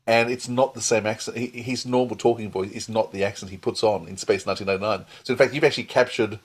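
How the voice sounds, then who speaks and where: A man's voice: lowish voice, steady tone, fast, breathy edge. Man explaining at length as host. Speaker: podcast host. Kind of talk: conversational interview.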